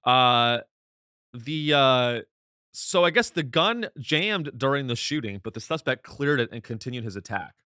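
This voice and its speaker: A man's voice: mid-range voice, animated, a little slow, sharp tone, clear, resonant tone, no room sound. A male comedy host talks his way through a news story in a rambling, sardonic monologue. He often restarts his sentences. His voice sits mid-range and sounds dry and close to the mic.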